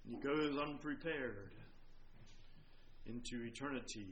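Male preacher, sermon delivery, high-pitched and very bright, slow, dramatic swings in volume. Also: muffled recording. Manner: dramatic, swings from hushed to loud when quoting.

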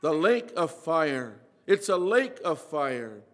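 A high-pitched man delivers a sermon with earnest conviction. He repeats his phrases and slows down to stress his points. His voice rings with a long hall reverb. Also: very animated, fairly bright tone. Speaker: preacher.

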